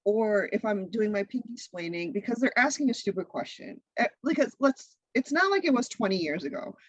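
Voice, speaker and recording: A woman guest on a podcast, a content creator and comedian, talking in a blunt, profane, animated way. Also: medium pitch, brisk, no echo, muffled recording. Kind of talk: casual interview chat.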